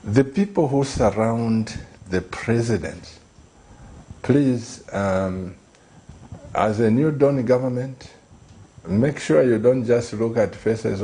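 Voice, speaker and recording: Earnest pastor with a dark voice. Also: male voice, mid-range voice, slow pace. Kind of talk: earnest storytelling on a talk show.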